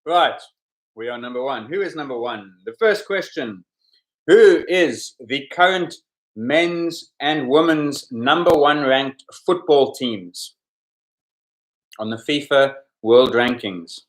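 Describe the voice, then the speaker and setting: A man's voice: medium pitch, lively intonation, slow pace. A man hosting a podcast quiz, talking casually as he explains the answers with chatty asides. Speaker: podcast host running a sports quiz. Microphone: podcast microphone.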